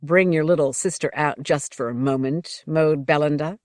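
A woman's voice: sits low, moderate pace, darkish tone, no echo, lightly acted. A woman reading the part of a smirking young male lord who is boastful, bland and cajoling.

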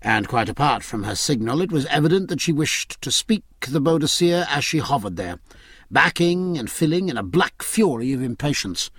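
Male audiobook narrator, husky, animated intonation. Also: on the high side, moderate pace, no room sound. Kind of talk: scripted narration.

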